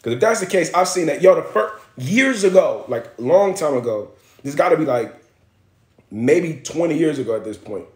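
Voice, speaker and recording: A young man from Miami hosting a livestream, telling stories in a blunt, profane, animated way. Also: on the high side, normal speed. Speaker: livestream host. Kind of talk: casual livestream storytelling. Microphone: phone livestream. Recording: roomy echo.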